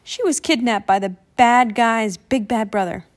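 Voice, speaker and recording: A woman's voice: a little high, a little slow, close to an everyday voice. A woman reading a storybook aloud, voicing an eager, earnest young male crocodile in a slightly raised voice.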